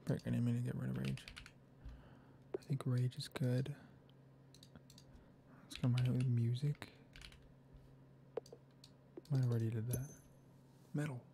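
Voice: medium pitch, flat delivery, moderate pace, creaky, long pauses, background noise. A gaming video creator thinks aloud while playing, rambling and often sliding into half-whispered muttering. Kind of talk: soft-spoken gaming commentary.

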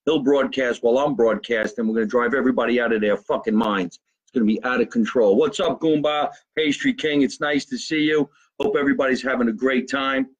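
A man's voice: mid-range voice, breathy edge, highs cut off. A brash comedian with a New Jersey accent, talking to his live viewers from a home basement. He swears freely and rattles through comments in a mid-range man's voice. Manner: brash, profane, fast-talking. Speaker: comedian hosting a live show. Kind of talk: live-stream chat, reading viewer comments.

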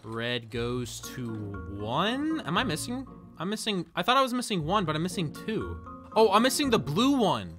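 A young man narrating his own gameplay, excitable and quick to dramatic groans and outbursts. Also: high voice, soft background music. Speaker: gaming video host. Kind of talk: gameplay commentary.

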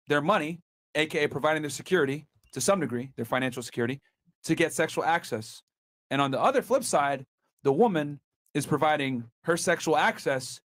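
A man's voice: fairly high pitch, fairly bright tone. A man hosting a podcast, giving blunt opinions in casual chat, often restarting and filling with "like" and "bro". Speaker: podcast host.

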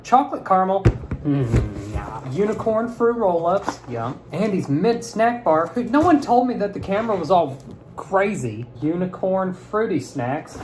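A young man chatting playfully while opening fan mail, swinging from mumbles to high squeals. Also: slight background noise. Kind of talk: casual unboxing chat.

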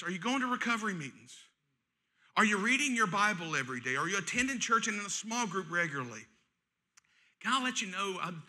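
A middle-aged man, preaching a sermon in a folksy, joking and animated way. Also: sits high. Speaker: pastor.

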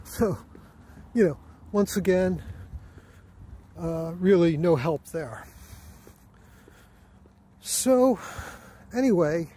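A man vlogging a personal account in a halting way, with many fillers and restarts and a weary, aggrieved tone. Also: sits high, dark tone, husky. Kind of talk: casual personal account to camera.

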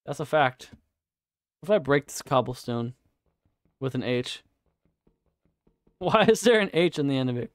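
A man's voice: medium pitch, expressive, normal speed, long pauses, no room sound, clean studio sound. A man giving casual, profane live commentary while playing a game, chatting to himself and his viewers. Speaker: streamer.

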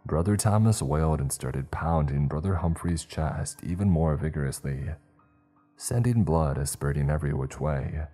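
Deep mellow guy reading creepy stories, kinda deadpan funny. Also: moderate pace, faint music behind. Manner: dry, wry storytelling. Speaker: horror story narrator. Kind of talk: scripted horror narration.

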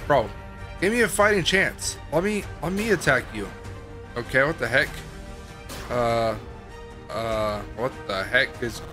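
A young man commentating a horror game, excitable and chatty, full of slang. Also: a little high. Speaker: gaming video host. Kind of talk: gameplay commentary. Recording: game music behind.

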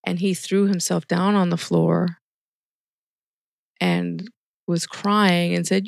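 Woman, middle-aged, podcast guest, earnest storyteller, gravelly fry, dry close sound. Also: fairly low pitch, level tone, takes it slowly, long pauses, no room sound. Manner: earnest storytelling with quoted dialogue. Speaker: podcast guest, ministry volunteer. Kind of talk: casual interview talk.

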